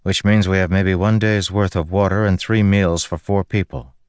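Audiobook figure: male reader playing a cool, guarded swordswoman, low-key and dry. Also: moderate pace, smooth, dry recording, natural voice. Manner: calm, dry, understated. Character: mysterious woman warrior, calm and guarded.

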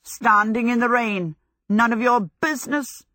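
A woman's voice: medium pitch, moderate pace, fairly bright tone, dry recording, clean studio sound, pitched above the performer's own voice, natural voice. A woman doing a vain, dramatic young wizard. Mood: grumpy. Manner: theatrical, irritable.

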